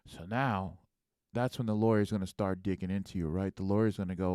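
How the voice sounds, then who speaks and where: A man's voice: fairly low pitch, steady tone, brisk, warm tone, clean tone, no room sound, studio quality. A man hosting a podcast who talks casually and keeps checking in with rhetorical "right?" asides. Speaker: podcast host.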